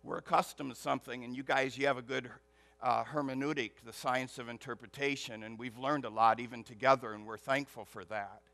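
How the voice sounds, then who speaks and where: A male pastor preaching a sermon emphatically, moving between loud stressed words and hushed asides, and building rhythm through repetition. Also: medium pitch, steady tone, fairly quick, creaky, soft background music.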